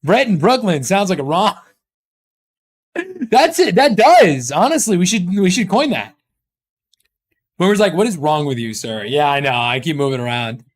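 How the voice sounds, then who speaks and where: A man's voice: high voice, big pitch swings, unhurried, long pauses. A man chatting casually on a live stream, rambling and joking with his chat, swearing often.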